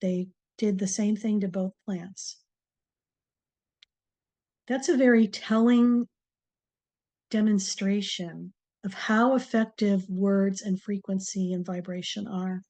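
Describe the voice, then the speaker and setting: A woman hosting a TV talk, giving a slow, encouraging motivational talk to viewers with many pauses. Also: mid-range voice, steady tone. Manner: slow, pausing, soft-spoken and encouraging. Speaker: TV show host, speaker on word power.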